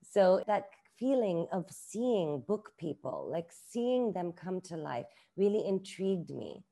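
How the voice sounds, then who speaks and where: A woman's voice: on the low side, sing-song, takes it slowly, vocal fry, warm tone. A middle-aged woman, an author and publisher, talking casually in an interview with many filler words. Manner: chatty, uses many "like" fillers.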